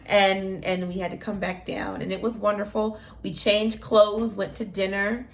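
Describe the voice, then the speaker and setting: A young woman co-hosting a casual chat, telling a story in an animated, emotional way with plenty of fillers. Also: mid-range voice, measured pace, vocal fry. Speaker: co-host. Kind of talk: casual chat about their wedding.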